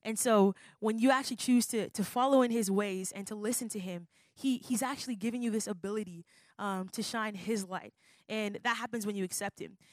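A woman's voice: fairly high pitch, no echo. A woman pastor teaching a student workshop at a youth conference, upbeat and leading the crowd in call-and-response.

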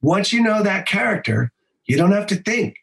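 A man who works as a voice actor and improv teacher, talking in a casual podcast interview in an animated way, swearing freely and slipping into quick voices. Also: sits high, vocal fry, poor audio.

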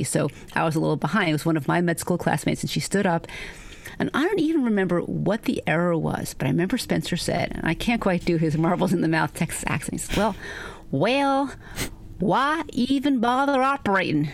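A woman doctor, a guest on a podcast, telling wry, animated stories about her medical training. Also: on the low side, gravelly. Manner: animated, wry anecdotes with vivid quotes. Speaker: physician guest. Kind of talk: conversational storytelling.

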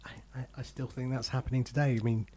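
A middle-aged podcast host chats casually, telling self-deprecating stories about his career. He has a mid-range, mellow voice with a level tone and talks quickly.

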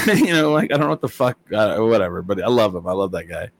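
A man's voice: lowish voice, lively intonation, fast talker. A man chatting casually, telling rambling stories full of fillers and acted-out quotes. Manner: rambling storyteller with many fillers and quoted voices. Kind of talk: casual chat.

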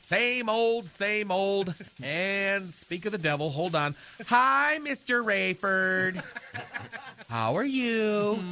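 A man's voice: high-pitched, pushed and bright, exaggerated voice. A man playing a flamboyant, theatrical gay character in a radio comedy sketch, talking in a sing-song, gossipy way. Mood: gleeful scheming. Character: flamboyant campy gay man, chatty and dramatic.

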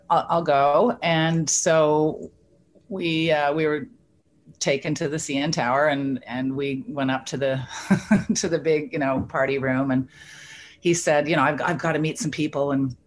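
A middle-aged woman from Canada, an interview guest telling a story in a lively, chatty way, acting out the quoted voices and laughing often. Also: sits low, slight background noise. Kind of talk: casual storytelling.

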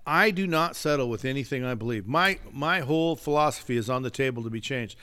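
A man's voice: medium pitch, lively intonation, fairly quick, hardly any pauses, bright, forceful tone, clear, resonant tone. A man who is a pastor, talking earnestly and emphatically in a casual faith discussion, slipping into a preaching tone.

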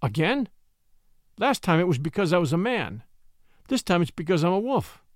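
Rich: A proud, defiant jungle boy, as a male storyteller voices him, bold and scornful in his speech. The voice is raised and lively, recorded close and dry. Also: high voice, normal speed, no echo.

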